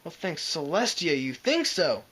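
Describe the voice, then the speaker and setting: A man's voice: fairly high pitch, very animated, a little slow, a bit bright, husky, exaggerated voice. A man voicing Spike, a young boy dragon who is frightened but talks back defiantly. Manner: pleading, retorting, insolent.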